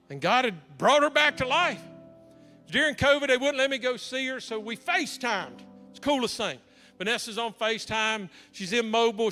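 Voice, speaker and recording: In a sermon told as a story, a man pastors with humor and anecdotes, his voice high for a man, bright, and forceful. The sound rings with a long reverb through a large church hall.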